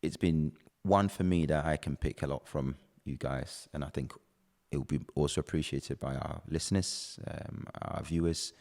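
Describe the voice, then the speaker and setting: A man's voice: rumbling low, fairly even intonation, moderate pace, gravelly, few pauses, a little mellow. A man hosting a podcast, talking in an earnest, reflective way. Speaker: podcast host. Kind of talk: casual chat. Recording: reverberant room.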